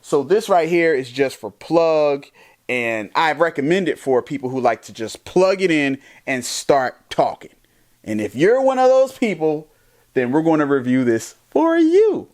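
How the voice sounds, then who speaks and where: A man with a fairly high-pitched voice talks through a gadget review in a casual, playful way. His delivery is animated and jokey, as if chatting with his viewers. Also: moderate pace. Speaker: tech reviewer. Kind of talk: casual product review vlog.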